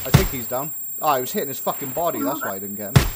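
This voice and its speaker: A man chatting while gaming, sweary and excitable, on a headset mic. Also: mid-range voice, racing. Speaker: gamer. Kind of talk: casual gaming chat. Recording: loud gunfire noise. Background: loud game gunfire.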